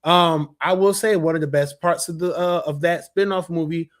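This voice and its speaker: A man's voice: on the high side, steady tone, normal speed. A young adult man giving a casual, enthusiastic movie review, chatty and full of fillers and restarts.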